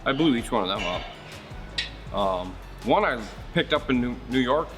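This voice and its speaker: This is a man with an ordinary, mid-pitched voice, holding forth in easygoing shop talk. He rambles from one story to the next, speaks bluntly and curses without a second thought. A bit of music sits faintly in the background. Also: lively intonation, a little slow. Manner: blunt, rambling storyteller who swears freely. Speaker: marine service shop host.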